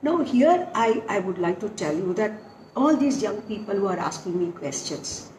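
A woman's voice: mid-range voice, normal speed. An older woman, a dance guru animatedly telling stories from her own training and acting out what her teachers said. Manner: animated storytelling, acting out quotes. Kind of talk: reminiscing interview. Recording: echoey room with faint noise.

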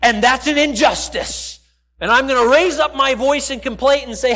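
A man with a very high-pitched voice delivers a sermon in a church. His preaching is conversational and down to earth, and he slips into the voices of the people he quotes. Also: normal speed, bright, forceful tone. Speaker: pastor. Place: church sanctuary.

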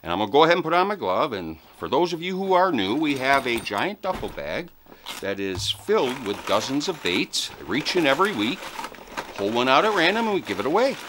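Casting: male vlog host, playful and jokey, bright forceful voice, lively swinging pitch. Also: fairly quick, slight background noise. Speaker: host of a fishing channel giveaway. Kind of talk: upbeat casual vlog address to viewers.

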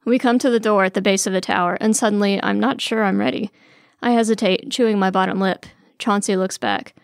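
A woman reads a first-person story in a wry, weary, sardonic voice. Her voice sits in an ordinary middle range with a gravelly fry. The sound is close and dry, with no room around it. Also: mid-range voice, fairly even intonation, fairly quick, no room sound. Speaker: narrator.

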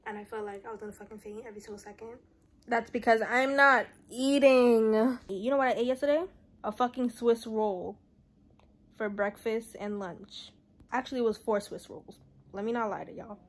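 A woman's voice: on the high side, steady tone, moderate pace. A young woman talking casually to camera about her days, blunt, slangy and swearing a lot. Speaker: vlogger. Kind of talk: casual vlog talk to camera. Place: at home.

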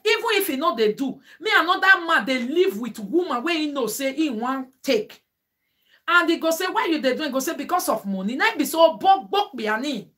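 A woman's voice: sits high, pushed and bright. A woman vlogger with a Nigerian Pidgin accent, talking casually and emphatically to her viewers with preachy asides. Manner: emphatic, exclaiming.

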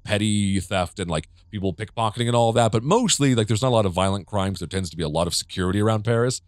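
An American gamer with a medium-pitched voice rambles through profane let's play commentary on a horror game, reacting jumpily as he plays. The recording is dry, with clean studio sound.

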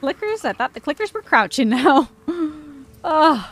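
A woman streaming a video game live, cursing at her companions and laughing, sometimes shouting in panic. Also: high-pitched, very animated, takes it slowly, no echo. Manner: swearing, exasperated, laughing; shouts in panic at tense moments. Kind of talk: live gameplay commentary.

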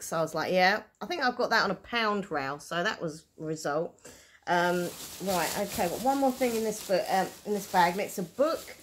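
A woman's voice: mid-range voice, slight background noise. A woman chatting casually in a show-and-tell vlog, rambling and self-deprecating with frequent giggles. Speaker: vlogger selling items online.

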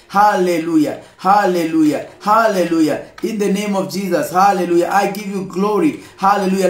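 A man leading a fervent prayer session, repeating lines, shouting and speaking in tongues. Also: sits high. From Kenya. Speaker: prayer leader. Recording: echoey room with background music.

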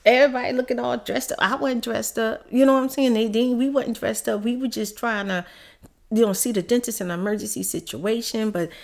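A middle-aged woman tearfully telling a personal story while doing her makeup, at times dropping into soft whispers. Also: on the high side, fairly even intonation, a little fast, creaky. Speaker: ASMR story-time vlogger.

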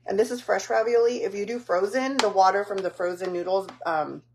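A woman's voice: medium pitch, steady tone, brisk, noisy background. A woman chatting casually as she walks through a home recipe, rambling and teasing herself with lots of fillers. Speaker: home cook vlogger. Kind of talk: casual cooking tutorial.

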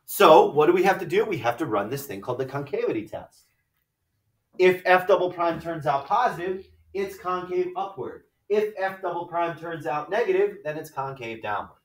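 In an echoey room, captured from well away from the microphone, a math teacher with a slightly high, lively voice lectures at a normal speed. He goes step by step and keeps asking rhetorical questions such as "right?".

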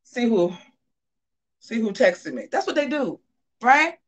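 Animated woman host of a live gossip stream, sassy and chatty, with a lively voice that swings up and down in pitch. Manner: animated, sassy, with drawn-out asides to viewers. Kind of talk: casual live commentary.

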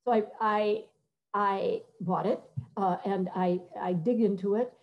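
A middle-aged woman composer giving a conversational talk, halting and searching for words, sometimes singing short phrases to demonstrate. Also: mid-range voice, steady tone, muffled recording. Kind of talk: conversational talk with many fillers and restarts.

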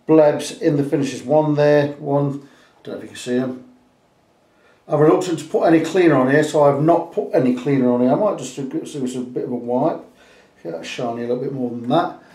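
A man's voice: on the high side, normal speed, dark tone. A luthier talking casually and plainly in his workshop, rambling a bit with fillers. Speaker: luthier and guitar repairer. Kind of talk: casual workshop video talk. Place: guitar workshop indoors. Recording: roomy echoey workshop.

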